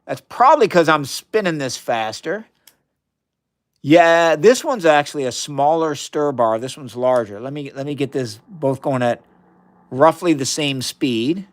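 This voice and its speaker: A man hosts a casual live science stream from a chemistry lab, narrating each step of his experiments. His voice sits a bit high for a man, and he keeps up a friendly running chat with viewers, greeting them by name. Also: expressive, measured pace.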